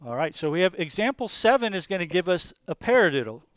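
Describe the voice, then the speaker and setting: A man teaching a drum lesson, explaining patterns step by step in a calm, methodical way with small fillers. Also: sits high, quick pace, very noisy. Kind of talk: instructional explanation.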